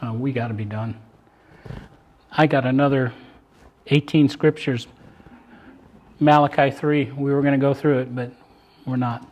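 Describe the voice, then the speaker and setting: An older man, a pastor, preaching a sermon and reading scripture aloud, rising to loud emphatic peaks and then dropping to quiet, reflective asides. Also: mid-range voice, steady tone, measured pace, pauses often.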